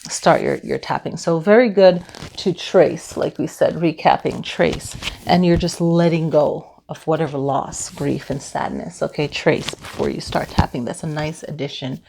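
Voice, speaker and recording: A woman leading a guided tapping class, explaining gently and then repeating soft affirmations for listeners to follow. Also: low voice, vocal fry, a little hiss or hum. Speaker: EFT tapping instructor.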